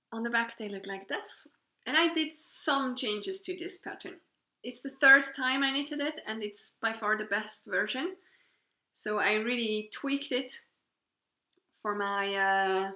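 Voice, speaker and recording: Slow, bright-voiced woman in her thirties. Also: on the high side. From Switzerland. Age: 30s. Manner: unhurried, cheerful, gushing about her work. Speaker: knitting podcast host. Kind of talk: casual show-and-tell chat. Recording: echoey room.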